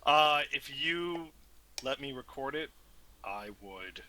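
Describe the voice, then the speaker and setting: Casting: tired joking man on voice chat, very bright edge, faint hiss. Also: mid-range voice, expressive, takes it slowly, low-quality recording. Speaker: player. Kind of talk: casual voice chat.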